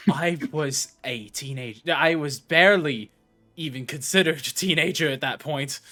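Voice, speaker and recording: A man's voice: on the high side, measured pace, bright, forceful tone, faint music behind. A man playing a tabletop game, making playful asides. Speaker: player.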